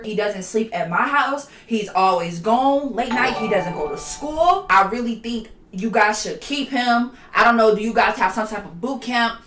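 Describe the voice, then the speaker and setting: A woman's voice: medium pitch, fairly bright tone, echoey room, natural voice. A woman imitating an overwhelmed mother pleading. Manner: earnest, pleading. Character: worried, overwhelmed single mother pleading in court.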